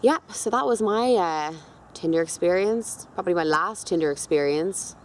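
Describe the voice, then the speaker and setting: A woman's voice: on the low side, animated, normal speed. A young woman, casually telling a dating story to camera, full of fillers and swearing. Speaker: beauty vlogger.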